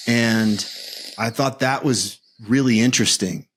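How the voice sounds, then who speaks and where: A man's voice: mid-range voice, unhurried, a bit bright, a little hiss or hum. A man in his fifties, a men's coach, speaking earnestly and reflectively as a podcast guest, often restarting his phrases. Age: 50s.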